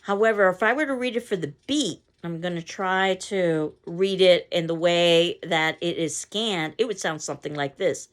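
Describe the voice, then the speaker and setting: A woman's voice: lowish voice, moderate pace, few pauses. A woman teacher giving a recorded lecture on poetry, explaining in a conversational way. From not from the local area. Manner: explanatory, conversational, reads poem aloud in stressed beats.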